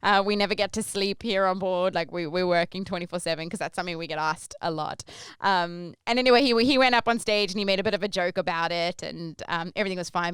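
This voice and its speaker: A young woman telling a story casually as a podcast host, animated and acting out the quoted voices. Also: on the low side, fast, clean tone, no echo, studio quality.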